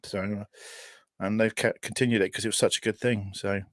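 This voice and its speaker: A man's voice: on the low side, steady tone, fairly quick, no echo. A man co-hosting a casual live stream, chatty and often laughing as he greets viewers in the chat.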